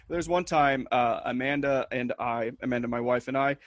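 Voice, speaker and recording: A man co-hosting a podcast, chatting casually and telling animated stories with plenty of swearing. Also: mid-range voice, brisk, no room sound. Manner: swears freely, animated storytelling. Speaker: podcast co-host. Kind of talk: casual chat.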